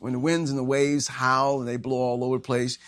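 A man preaching a sermon as pastor, animated and acting out the scenes he tells. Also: mid-range voice, fairly quick, dry recording, studio quality. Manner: animated, acts out scenes with shouting voices.

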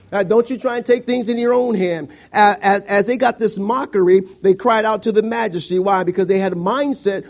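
A man preaching a sermon, punctuating his points with frequent amens and slowing down to read scripture aloud. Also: high voice. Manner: acts out mockers and church members in quoted asides; reads scripture slowly and deliberately.

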